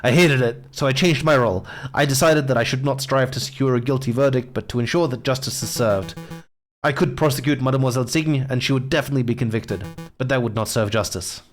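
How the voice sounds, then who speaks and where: Man reading as a principled rooster prosecutor, measured and earnest, mid-pitched, faint music behind. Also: lightly acted. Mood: reflective.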